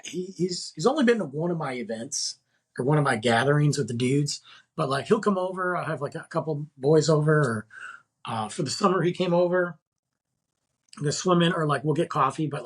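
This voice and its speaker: A man's voice: a little high, slightly rough. A man in his forties casually telling a dating story on his podcast, rambling with lots of filler words and acting out both sides of the conversation. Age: 40s. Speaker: podcast host. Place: Texas.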